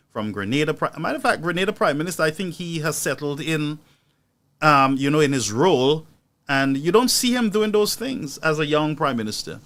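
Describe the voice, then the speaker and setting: Male host, sharp and mocking, high animated delivery for political commentary. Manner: indignant, mocking, rhetorical.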